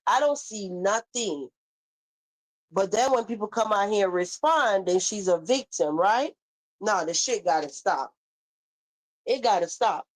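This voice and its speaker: A woman's voice: medium pitch, expressive, measured pace, pauses often, rough recording. A woman with a Caribbean accent, hosting a heated live stream, reading chat comments aloud and scolding someone in a sassy way. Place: home.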